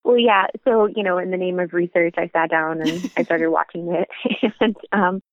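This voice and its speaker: A woman's voice: on the low side, steady tone, normal speed, no echo. A middle-aged woman chatting casually as a parenting podcast co-host, telling stories and laughing now and then. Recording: phone-like remote audio.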